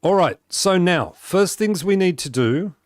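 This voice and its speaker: A man's voice: high-pitched, animated, unhurried, no echo. Chatty male game streamer, dry close mic. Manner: chatty, laughs often, reads and answers chat aloud. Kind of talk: casual live-stream chat while playing.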